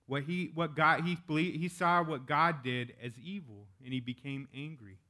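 A man's voice: on the high side, moderate pace, bright, forceful tone. A male pastor preaching a sermon in a casual, candid way, with joking asides.

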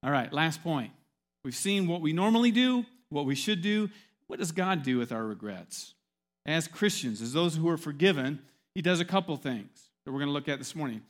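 Brief: male pastor delivering a sermon, emphatic, repeats key lines, slightly higher voice. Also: lively intonation, normal speed. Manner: emphatic, repetitive, storytelling.

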